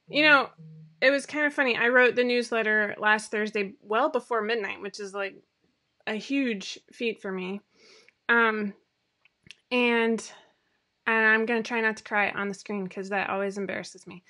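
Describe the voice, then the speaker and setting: A woman's voice: mid-range voice, sharp tone. A woman in her thirties hosting a casual livestream from home on a webcam, chatty and rambling with lots of fillers and self-deprecating asides. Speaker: sewing pattern designer hosting a weekly live show. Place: home room.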